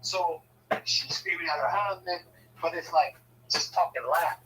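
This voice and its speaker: A man's voice: on the high side, steady tone, measured pace, pushed and bright, slight background noise, poor audio. A man casually telling stories about his family, swearing freely and acting out the voices of the people in them. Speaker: storyteller. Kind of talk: casual storytelling.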